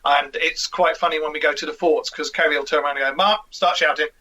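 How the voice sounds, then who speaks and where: Guy hosting, kinda high bright voice, chatty, lots of i mean. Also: flat delivery, fast talker, rough recording. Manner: chatty, many asides. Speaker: host. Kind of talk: casual interview chat.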